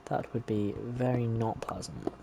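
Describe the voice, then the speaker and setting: A man chats casually to himself while gaming, his medium-pitched voice mellow and touched with vocal fry. The streamer speaks a little slowly, with slight noise in the background.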